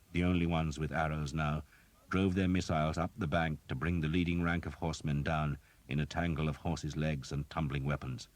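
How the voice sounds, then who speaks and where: A male audiobook narrator with a remarkably low, booming voice. He tells the story in a grave, steady way. The recording is dry, with no room sound. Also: dry recording. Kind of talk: scripted narration.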